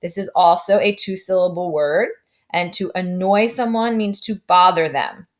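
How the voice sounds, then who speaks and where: A woman's voice: fairly low pitch, moderate pace. A woman teaching a remote phonics lesson to young children, patient and upbeat, often checking in with "right?".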